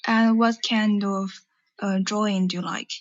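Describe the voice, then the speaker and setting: A woman college student whose first language is Chinese, practicing English by asking halting questions. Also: mid-range voice, level tone, dry recording, highs cut off. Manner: halting, asks many questions. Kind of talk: casual English practice chat.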